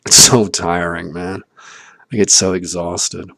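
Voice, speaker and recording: Man, low and husky, self-mocking ranter swearing to camera, dry close recording. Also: little pitch movement, takes it slowly, dry recording. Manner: swearing, laughing, swinging between loud and muttered. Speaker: vlogger. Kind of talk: rambling personal monologue.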